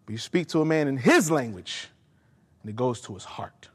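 A man's voice: medium pitch, animated, moderate pace, husky. A man preaching a sermon, emphatic and speaking directly to his congregation in a church. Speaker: pastor. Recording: long hall reverb.

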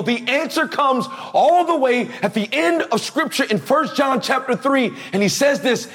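High-voiced energetic male preacher. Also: normal speed, few pauses. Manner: energetic, preaching with calls to the congregation. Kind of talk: sermon. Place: church before a congregation.

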